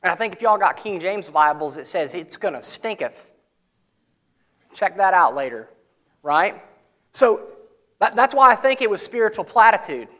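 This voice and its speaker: Preacher with a twang, swinging loud to hushed. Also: male voice, sing-song, normal speed, long pauses. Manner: conversational preaching, swings from loud emphatic to soft and low. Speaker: pastor. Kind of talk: sermon.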